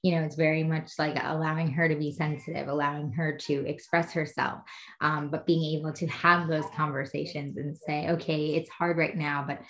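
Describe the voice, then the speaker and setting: A woman's voice: sits low, level tone, normal speed, fairly bright tone. A woman in her thirties, a podcast guest, chatting casually in a rambling way with many "you know" fillers and acting out quoted dialogue. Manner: earnest, acts out quoted dialogue. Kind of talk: casual chat.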